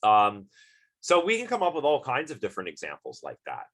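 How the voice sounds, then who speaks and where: A man's voice: medium pitch, wildly swooping pitch, fairly quick, a bit bright. A man lecturing on philosophy in an informal university class, thinking aloud through everyday examples and putting questions to the students.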